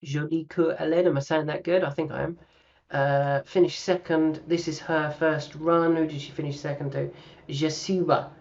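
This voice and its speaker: A man talking through horse racing tips in a relaxed, chatty way, thinking aloud with plenty of ums and uhs. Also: fairly high pitch, moderate pace, lo-fi sound. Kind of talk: casual racing analysis.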